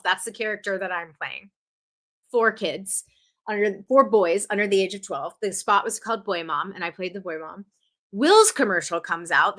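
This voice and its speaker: Bright-voiced woman livestream host. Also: medium pitch. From New Jersey. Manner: chatty, animated storytelling with playful indignation. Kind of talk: casual chat.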